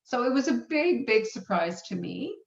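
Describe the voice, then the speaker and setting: A woman's voice: on the high side, very animated, normal speed, creaky. A middle-aged woman author telling her story casually, rambling and self-deprecating with many restarts. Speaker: author guest. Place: live event hall. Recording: dull roomy sound from far off.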